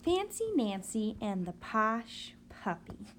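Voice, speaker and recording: A woman reads a picture book aloud to a child, her voice rising and falling in a lively, sing-song way. She sits fairly high in pitch and takes her time over each line. A faint hiss runs underneath the home recording. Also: slow. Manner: lively, expressive storytelling with sing-song emphasis.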